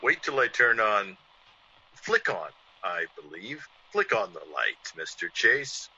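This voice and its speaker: A suave, mocking stranger. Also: male voice, lowish voice, big pitch swings, takes it slowly, bright, forceful tone, husky, heavily acted. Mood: calm, teasing. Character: suave, mysterious adult male intruder. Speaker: uninvited visitor. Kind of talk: old-time radio drama acting. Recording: dull lo-fi old radio broadcast.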